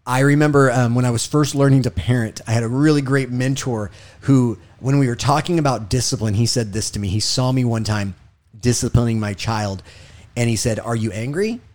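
A man who was a hostage negotiator, giving a motivational talk. He is emphatic and repeats himself, rising when telling stories and dropping low and quiet on key lessons. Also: fairly even intonation, a little fast.

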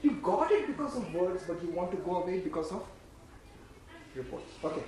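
A man preaching a sermon in an emphatic, repetitive way, swinging between loud bursts and hushed lines, and leading the congregation in repeating phrases. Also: high voice, big pitch swings, fairly quick. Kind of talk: sermon with call-and-response. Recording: very echoey room.

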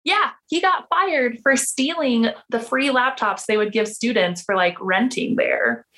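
A woman's voice: fairly high pitch, a little slow, a bit bright. Woman, 30s, podcast guest; casual storyteller who acts out the dialogue she quotes. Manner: chatty, many "like" fillers, acts out quoted dialogue.

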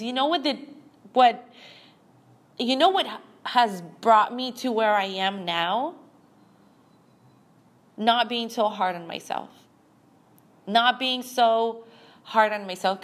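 A young woman talks to her listeners in a halting, emotional monologue, restarting her sentences as tears come close. Her voice is bright and sits a little high. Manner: halting, with frequent restarts and fillers. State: teary. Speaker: podcast host.

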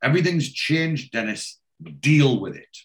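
A man's voice: medium pitch, expressive, unhurried, natural voice. A man voicing a blunt middle-aged businessman who lectures a friend. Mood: lecturing.

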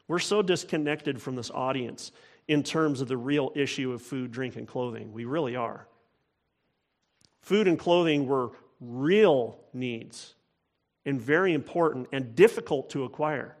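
A man's voice: mid-range voice, unhurried. A man preaching a sermon, earnest and emphatic, often repeating phrases for weight. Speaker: pastor.

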